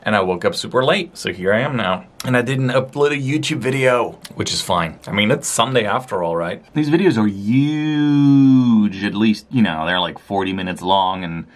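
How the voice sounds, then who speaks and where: Relaxed, low-voiced man narrating crafts. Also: brisk, few pauses. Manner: relaxed and chatty, with frequent fillers. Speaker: crafting vlogger. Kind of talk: casual hobby tutorial narration.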